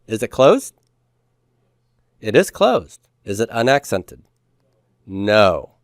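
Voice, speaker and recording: A man's voice: lowish voice, clean tone, no echo, studio quality. A man reviewing homework as a teacher, patiently asking questions, answering them himself, and drawing out key words. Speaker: Hebrew teacher.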